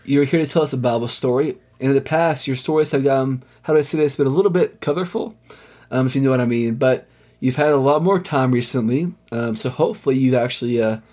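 Male podcast host, mellow husky voice, hesitant, lots of ums, flustered straight man. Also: mid-range voice, fast. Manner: hesitant, many fillers, flustered. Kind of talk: comedic podcast sketch, playing the straight man.

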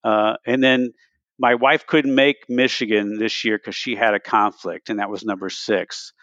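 A man in his sixties, a podcast guest, telling his race stories in a casual, animated way and often acting out what he said to himself. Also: lowish voice, moderate pace, dry recording, lo-fi sound. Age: 60s. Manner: animated, retells races with quoted self-talk. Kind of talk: casual storytelling.

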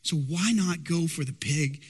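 A man's voice: a little high, measured pace, slightly rough. A man preaching a sermon as pastor, emphatic and asking the congregation rhetorical questions. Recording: long hall reverb.

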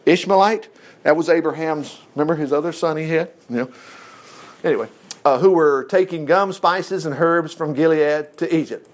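A male preacher retelling a Bible story in a sermon, folksy and animated with joking asides. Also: fairly high pitch, normal speed.

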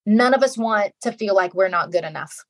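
A woman's voice: medium pitch, animated, a little fast. A middle-aged woman, a guest author in a casual interview, talking earnestly and repeating phrases for emphasis.

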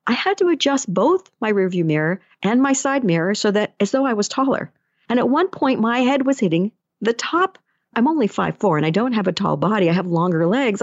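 In a casual, chatty monologue, a woman who works as an energy healer and life coach tells stories and slips into the voices of the people she quotes. Her pitch is medium, and the sound is dull and lo-fi with no room echo whatsoever.

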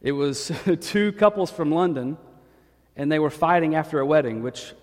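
A man preaching as a pastor, telling a personal story in an animated, joking way. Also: fairly high pitch, moderate pace. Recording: echoey hall.

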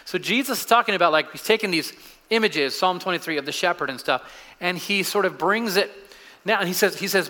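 A man preaching a sermon in a relaxed, conversational way, with restarts and fillers, and dropping quieter when he quotes. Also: high-pitched, fairly quick. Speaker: pastor. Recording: long hall reverb.

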